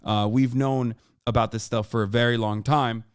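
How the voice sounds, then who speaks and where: A man in his thirties talks through a live reaction stream in a smooth, resonant voice, recorded dry and close with no room sound. He rambles with plenty of fillers and restarts, swears freely and flares up now and then in loud exasperation. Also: medium pitch, fairly even intonation, moderate pace, no room sound. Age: 30s. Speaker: streamer and political commentator. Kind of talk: casual reaction-stream commentary.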